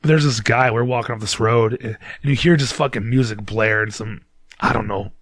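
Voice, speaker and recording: A man's voice: medium pitch, normal speed, a bit bright, no echo. A man hosting a podcast, telling a rambling, profane story in casual chat and laughing at himself. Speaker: podcast host.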